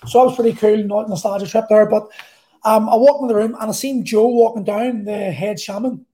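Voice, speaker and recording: A man's voice: high-pitched, fairly even intonation, a little fast, dark tone. Sweary middle-aged Belfast man. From Northern Ireland. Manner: blunt, sweary, rambling. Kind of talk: personal storytelling.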